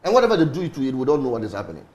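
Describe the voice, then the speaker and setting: A man with a Ghanaian English accent in a morning show panel discussion, talking in an animated way and mixing English with Twi phrases. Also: mid-range voice, very fast, echoey room, lo-fi sound. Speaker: studio guest.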